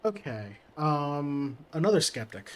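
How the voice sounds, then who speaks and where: A man's voice: on the high side, sing-song, takes it slowly, slight background noise. A man streaming a game, reading its text aloud and adding casual joking asides.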